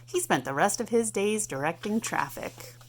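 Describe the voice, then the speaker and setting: A woman in her thirties reading a picture book aloud at home to a child, animated and playful. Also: mid-range voice, normal speed. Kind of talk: storybook read-aloud.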